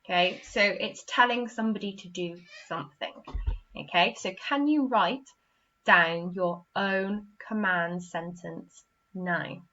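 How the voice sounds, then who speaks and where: A woman's voice: on the low side, takes it slowly, pushed and bright, highs cut off. A woman teaching a primary school literacy lesson, patiently repeating "okay?" and acting out example sentences with expression. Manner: patient, repeats "okay?" after each point.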